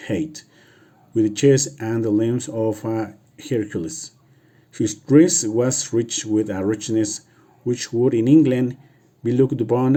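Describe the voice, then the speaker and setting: Non-native male reader, Spanish first language; slow, very mellow tone; halting practice read with restarts. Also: medium pitch. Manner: halting, restarts and repeats words. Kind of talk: reading a novel aloud for practice.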